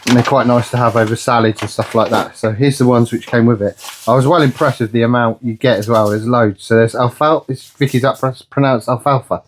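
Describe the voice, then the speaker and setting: A man talks in an easy, rambling way for his vlog, his pitch sitting in a middling range. He keeps tripping over tricky words and going back to fix them, chatting indoors at home. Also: fairly even intonation, brisk, slight background noise. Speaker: vlogger. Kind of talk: casual vlog chat.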